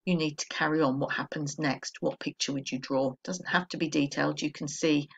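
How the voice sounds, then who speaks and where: An English woman teacher talks through a recorded lesson for young pupils. Her voice has a gravelly, creaky edge. She explains each step clearly and patiently. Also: sits low, steady tone, a little fast. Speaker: primary school teacher.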